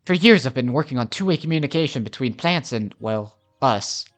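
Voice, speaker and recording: A man voicing a gentle male botany enthusiast from a video game, earnest and dreamy. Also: mid-range voice, animated, fairly quick, lightly acted.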